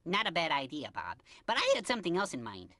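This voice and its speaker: A man voicing a goofy, excitable male cucumber in a cartoon, hammy and silly. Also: a little high, quick pace, no echo, heavily acted. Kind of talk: animated cartoon acting.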